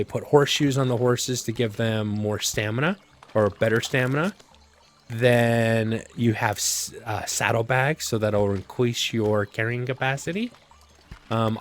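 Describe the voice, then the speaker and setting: A man casually commenting on his gameplay, thinking aloud with relaxed fillers. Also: medium pitch. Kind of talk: casual let's-play commentary.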